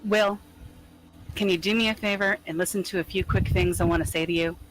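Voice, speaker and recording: A man voicing a calm, kind woman crisis-line worker in a coaxing falsetto. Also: fairly quick, natural voice, poor audio. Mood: soothing.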